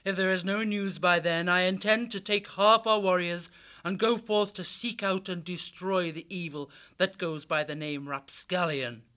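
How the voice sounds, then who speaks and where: A man voicing a stern, vengeful female badger warrior, speaking gravely and solemnly. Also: high voice, fairly even intonation, normal speed, pushed and bright, voice pushed up. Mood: grim.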